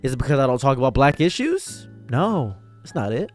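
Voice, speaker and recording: A man delivering an impassioned commentary monologue, emphatic and swinging from raised outbursts to quiet, low lines. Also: big pitch swings, brisk, faint music behind. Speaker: online commentator and streamer.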